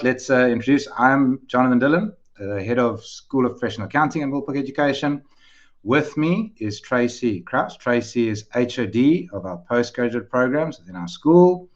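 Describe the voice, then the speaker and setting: A man's voice: medium pitch, muffled recording. A man hosting an online information session, welcoming viewers and introducing the panel in a chatty, upbeat way over a video call. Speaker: webinar host, head of school.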